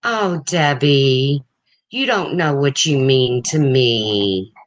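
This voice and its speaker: An older woman putting on a slow, drawn-out, syrupy voice that mocks gushing praise of her viewers. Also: rumbling low, lively intonation, heavily acted. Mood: mock-sweet. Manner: slow, drawn-out, mock-sweet. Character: gushing, syrupy version of herself.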